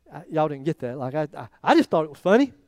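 A man preaching a sermon as pastor, telling his own story with animated swings between loud and hushed delivery. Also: fairly high pitch, moderate pace, no room sound. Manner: animated storytelling, voice rising and dropping to near quiet.

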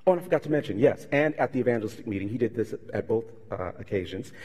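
A man's voice: medium pitch, very fast, slightly rough. A man pastor preaching a sermon, telling stories animatedly and acting out the people in them. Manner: animated storytelling with voiced impressions. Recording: reverberant hall.

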